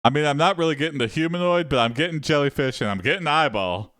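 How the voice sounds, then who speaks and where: A man's voice: a little high, lively intonation, quick pace, a bit bright, no echo, clean studio sound. A man hosting a stream built on an AI story, chatting casually in a rambling, playful way with lots of asides. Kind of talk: casual chat.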